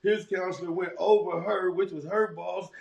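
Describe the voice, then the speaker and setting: A man's voice: high voice, steady tone, normal speed, vocal fry, a little mellow, highs cut off. A middle-aged man from Los Angeles, a guest telling his story in a casual, streetwise way that rambles and restarts often. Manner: rambling, streetwise, many restarts and "you know what I'm saying". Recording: roomy echo.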